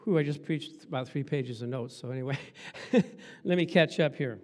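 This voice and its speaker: A man's voice: mid-range voice, normal speed, a little mellow. A man preaching a sermon, acting out Bible scenes and laughing often as he talks. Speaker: pastor.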